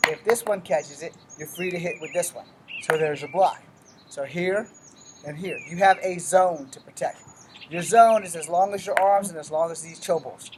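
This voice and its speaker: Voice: mid-range voice, normal speed, background noise. A martial arts instructor giving a casual, step-by-step weapons demonstration, blunt and full of cursing. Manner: blunt and profane, with frequent cursing; explains step by step while moving through drills.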